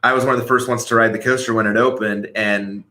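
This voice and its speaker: A man co-hosting a podcast in casual chat, animated and swearing, repeating words as he talks. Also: lowish voice, quick pace. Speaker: podcast co-host. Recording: echoey room.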